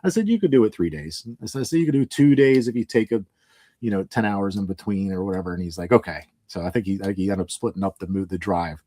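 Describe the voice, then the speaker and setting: A man from Pennsylvania rattles through a story at a quick clip, his voice sitting a little low. He rambles, laughs often and acts out what people said, heard close and dry. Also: dark tone, no echo. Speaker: moving company owner, guest. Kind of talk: casual storytelling in a podcast interview.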